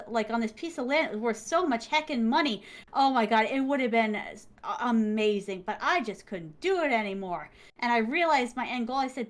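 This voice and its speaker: A woman, an interview guest, telling a story casually and animatedly, acting out the dialogue with emphasis. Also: fairly high pitch.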